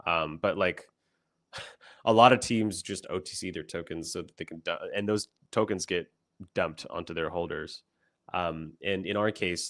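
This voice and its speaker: A young man with a very low voice talks loosely to his livestream audience. He rambles, restarts sentences and fills gaps with ums and little laughs. The sound is close and dry, with no room around it. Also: fairly bright tone, dry recording. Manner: rambling, many fillers and restarts, laughs often. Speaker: company founder hosting a livestream. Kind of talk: casual livestream talk.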